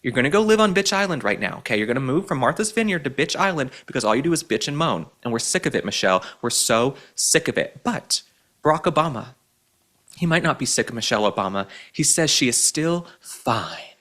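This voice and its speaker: A man's voice: medium pitch, big pitch swings, fast, a bit bright. A man hosting a political commentary show, ranting in a sarcastic, emphatic, mocking way.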